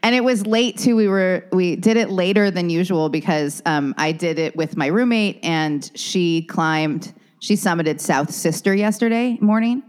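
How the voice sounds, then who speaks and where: A woman's voice: fairly low pitch, unhurried, hardly any pauses, darkish tone, clean tone. A woman co-hosting a podcast, chatting casually and rambling, laughing often. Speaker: podcast co-host. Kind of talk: casual chat.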